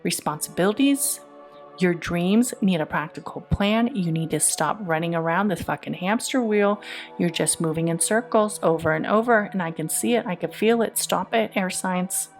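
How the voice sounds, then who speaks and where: A woman's voice: on the low side, normal speed, soft background music. A woman hosting a casual tarot reading podcast, bluntly scolding her listeners with heavy swearing and frequent laughter. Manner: blunt, profane, scolding tough-love talk; laughs often between lines. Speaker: podcast host and tarot reader.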